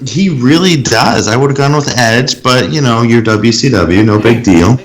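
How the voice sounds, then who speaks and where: A man co-hosting a podcast, giving drawn-out, relaxed commentary on a movie with lots of filler likes. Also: mid-range voice, poor audio. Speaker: podcast co-host. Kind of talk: casual chat.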